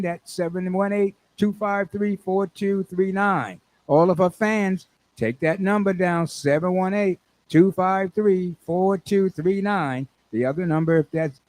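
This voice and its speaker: High-voiced New radio host. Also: male voice, a little mellow, dry recording. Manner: rambling, laughs at his own jokes. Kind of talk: radio talk and joke telling. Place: radio studio.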